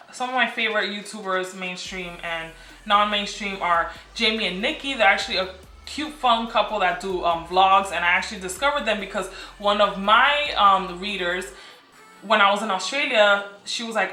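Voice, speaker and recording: A beauty and lifestyle vlogger in her twenties chats enthusiastically to camera in a casual vlog from her apartment room, repeating phrases for emphasis. Her medium-pitched voice sounds pushed and bright, and the room is echoey.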